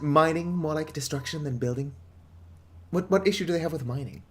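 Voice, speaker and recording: A man's voice: on the high side, fairly quick. A man giving casual gameplay commentary with joking, wry asides. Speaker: gaming video host.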